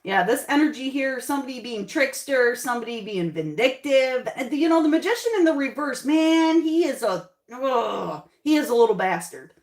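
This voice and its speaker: A woman with a fairly high voice gives a casual, chatty tarot reading straight to her viewers. She reassures them warmly and repeats her phrases for emphasis. The room around her rings with echo. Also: lively intonation, normal speed, few pauses. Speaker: tarot reader. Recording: echoey room.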